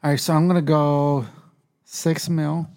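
A man's voice: fairly high pitch, level tone, measured pace, darkish tone, clear, resonant tone. A man co-hosting a casual movie review chat, tossing out short blunt quips and questions.

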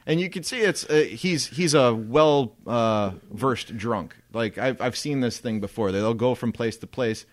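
A man's voice: medium pitch, unhurried, few pauses, dry recording. A man telling a story in a casual podcast chat, swearing freely and laughing often. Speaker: podcast co-host.

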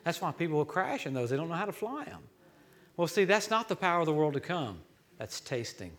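A man preaching a sermon as a guest speaker, telling stories in an animated, joking way that swings from loud to hushed. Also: on the high side, fairly quick. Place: church.

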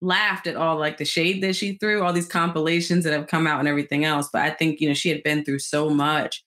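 Lower-voiced woman host, supportive. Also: little pitch movement, brisk, fairly bright tone. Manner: supportive, reflective. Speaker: interviewer host. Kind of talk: casual interview.

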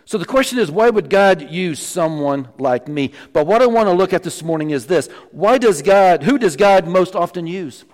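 A man preaching a sermon as pastor, emphatic, often dropping to low, quiet lines for stress. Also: animated, normal speed, few pauses. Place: church sanctuary. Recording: long church reverb.

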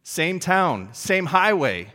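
A man preaching a sermon in an animated, emphatic way, often putting questions to his congregation. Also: on the high side, slow, big-room sound. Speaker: pastor.

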